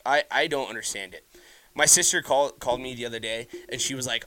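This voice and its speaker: A man's voice: medium pitch, fairly quick, pushed and bright, slight background noise. A young man hosting a podcast, ranting casually and heatedly, swearing constantly and often restarting his sentences. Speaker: podcast host. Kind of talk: casual solo podcast rant.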